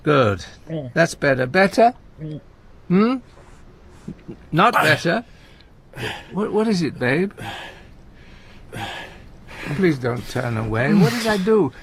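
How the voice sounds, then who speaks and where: An actor playing a gentle, anxious older comedian in a radio play, talking in halting, stammering restarts. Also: male voice, on the high side, very animated, husky, heavily acted. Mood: pleading. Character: aging male comedian, gentle, anxious, talkative. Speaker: visiting friend and comedy partner.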